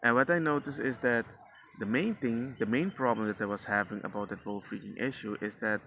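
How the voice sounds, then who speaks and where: A man's voice: mid-range voice, brisk, sharp tone, slight background noise. A father sharing his parenting experiences in a rambling, slangy, casual way, often acting out quotes of himself and his son. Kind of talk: casual storytelling monologue. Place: outdoors, near a passing dog walker.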